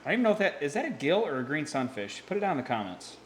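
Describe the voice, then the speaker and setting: Excitable man with a lively voice. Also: on the high side, racing, roomy sound, a little hiss or hum. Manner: excitable, exclaiming, repeats himself. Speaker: fish-keeping vlogger. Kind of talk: excited hands-on vlog commentary. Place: indoors by a large fish tank. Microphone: camera mic, handheld.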